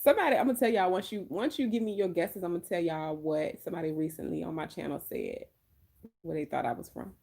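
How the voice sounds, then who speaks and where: Southern-accented woman vlogger, lowish voice, animated, casual live chat. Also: fast talker, creaky, husky. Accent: Southern American (Georgia). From Georgia, USA. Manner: animated, expressive voice. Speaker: vlogger, host.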